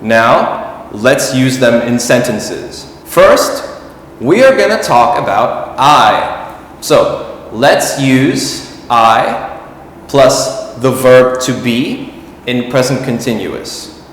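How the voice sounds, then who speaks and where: A man teaching an English grammar lesson, speaking slowly and deliberately and repeating words for learners to say after him. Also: mid-range voice, very animated, slight background noise. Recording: echoey room with long reverb.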